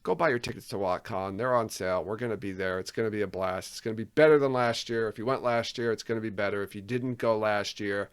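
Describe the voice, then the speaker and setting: A man's voice: lowish voice, fast, hardly any pauses, clean tone. Joking man hosting a podcast. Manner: joking, wraps up with plugs. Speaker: podcast host. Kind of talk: casual podcast chat.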